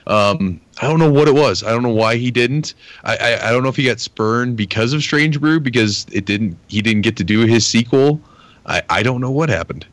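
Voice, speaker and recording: A man co-hosting a casual podcast chat, rambling hesitantly with many pauses. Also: mid-range voice, fairly bright tone, dry recording. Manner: rambling, hesitant, lots of fillers. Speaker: podcast co-host.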